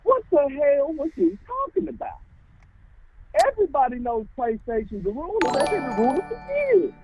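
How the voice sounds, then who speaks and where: A man's voice: very high-pitched, big pitch swings, normal speed, darkish tone, no room sound, faint music behind. A man calling into a live show, heated and swearing as he argues. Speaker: caller. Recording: tinny phone line.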